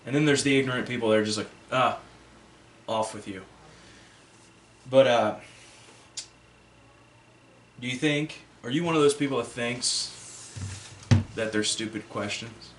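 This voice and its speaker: A man co-hosting a podcast, telling stories in relaxed casual chat. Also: medium pitch, moderate pace, long pauses, roomy sound, slight background noise. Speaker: podcast co-host and editor.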